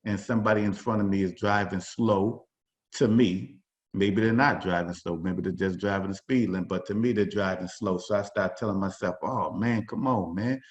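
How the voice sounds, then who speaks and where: A man's voice: deep voice, fairly even intonation, normal speed. A man facilitating a workshop over a video call, talking informally with many fillers and restarts. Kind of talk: conversational workshop talk. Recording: dull lo-fi video call audio.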